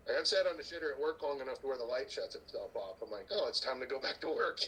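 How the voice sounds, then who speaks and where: A man's voice: medium pitch, quick pace, slight background noise, low-quality recording. A middle-aged man, a strongman athlete guesting on a podcast, telling stories casually, acting out other people's lines and swearing freely. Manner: animated storyteller who acts out other people's lines; swears casually, laughs at his own stories. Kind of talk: casual storytelling chat.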